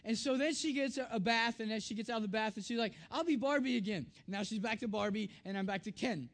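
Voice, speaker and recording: Man, high voice, storytelling sermon, animated dialogue, soft low tender lines. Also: fast talker. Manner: animated, acts out his daughter's lines in a raised voice.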